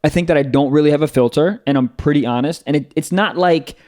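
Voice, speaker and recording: A man's voice: on the high side, fast talker. A man co-hosting a comedy podcast, chatting casually with crude jokes and frequent laughter. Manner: crude, excitable, laughs often.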